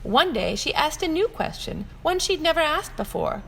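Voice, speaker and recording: A woman reading a children's story aloud for a shop's storytime, animated and expressive. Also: high voice, moderate pace, creaky. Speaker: storytime reader for a shop. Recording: long room reverb, faint ambient noise.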